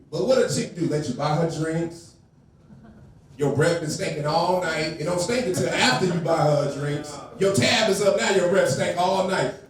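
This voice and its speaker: A man's voice: high-pitched, expressive, fairly quick. A man doing a crude, crowd-baiting stand-up set on a comedy club stage. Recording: echoey room, from a distance.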